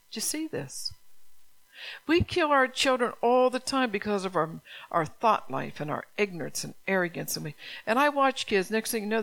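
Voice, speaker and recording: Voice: medium pitch, fairly bright tone. Stern pastor preaching hard, repeats stuff, keeps asking the church questions. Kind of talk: sermon.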